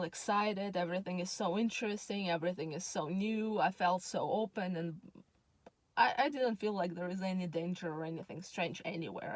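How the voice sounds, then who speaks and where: This is a casual storytelling monologue from a Russian woman in her 30s who speaks Russian natively; she meanders chattily with plenty of ums and comes across as tired. Her pitch is medium, and there's no room sound.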